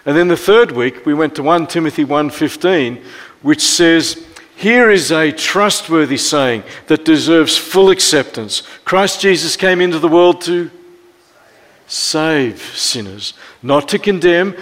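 An Australian man in his fifties preaching a sermon as pastor, telling stories and often dropping to a soft hush. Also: fairly high pitch. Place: church. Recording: long church reverb.

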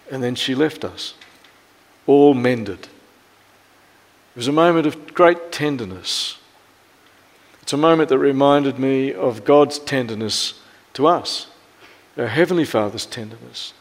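Australian pastor preaching in a reverberant church. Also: male voice, medium pitch. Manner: storytelling, often dropping to a soft hush. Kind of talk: sermon.

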